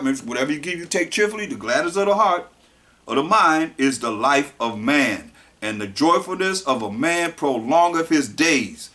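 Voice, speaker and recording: Man preaching scripture, slow reading of verses, casual repeated explanations, fairly high pitch. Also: a bit bright. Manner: reads verses slowly then explains in casual street talk; repeats words and phrases. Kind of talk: scripture teaching sermon.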